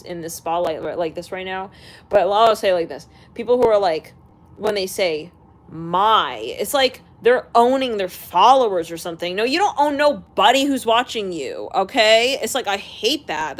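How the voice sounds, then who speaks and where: A woman talking straight to her viewers in a loose, unscripted rant. She swears freely, laughs between remarks and speaks bluntly at an ordinary pitch. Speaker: astrology channel host.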